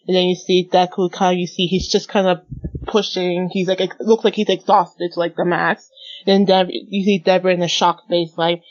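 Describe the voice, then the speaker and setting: A woman's voice: lowish voice, level tone, brisk, a little mellow. A woman guest on a podcast in casual chat, walking through scenes step by step and voicing the characters' lines. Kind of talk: casual chat retelling a manga chapter. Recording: dull lo-fi podcast audio.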